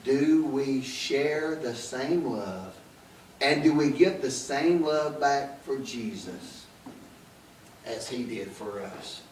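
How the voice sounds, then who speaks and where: A male pastor, preaching a sermon in a church that builds from hushed to loud and emphatic. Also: medium pitch, animated, takes it slowly, slight background noise. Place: church sanctuary. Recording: roomy church sound, mic at a distance, loud piano underneath. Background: piano playing under the sermon.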